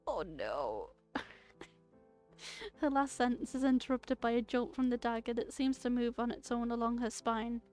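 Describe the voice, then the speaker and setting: Animated streamer woman reading a spooky story. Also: fairly high pitch, unhurried, long pauses, soft background music. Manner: animated, joking, bursts into loud outbursts and laughter. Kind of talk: reading a story game aloud with reactions.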